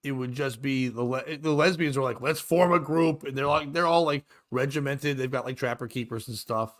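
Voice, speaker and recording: A man's voice: medium pitch, fairly quick, a bit bright. Rambling, jokey male podcast host. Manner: rambling, jokey, swearing, often laughing. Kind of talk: casual comedy chat.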